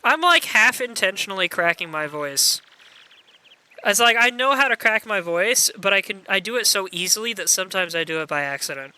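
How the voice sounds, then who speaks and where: A man's voice: sits high, animated, a little fast, bright, forceful tone, smooth. Wry, chatty man streaming a game. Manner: chatty, wry, reads chat aloud. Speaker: gaming streamer. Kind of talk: casual live playthrough commentary.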